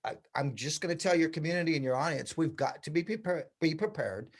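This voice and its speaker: Gravelly man in his sixties, telling stories. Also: on the high side, fast talker. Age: 60s. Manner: lively storyteller who acts out past conversations. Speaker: guest, veteran hairstylist and educator. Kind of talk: casual storytelling interview.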